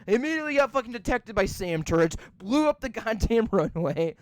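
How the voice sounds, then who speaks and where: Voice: medium pitch, big pitch swings, fairly quick, smooth, no room sound. Profane ranting podcast host, dry close mic. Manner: ranting, profane, rambling with many fillers. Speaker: podcast host reviewing movies. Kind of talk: casual podcast rant.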